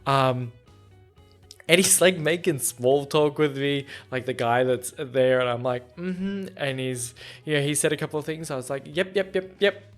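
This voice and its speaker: A man's voice: mid-range voice, steady tone, normal speed, faint music behind. A young man hosting a podcast, telling a rambling, self-deprecating story in casual chat and acting out both sides of conversations. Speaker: podcast host.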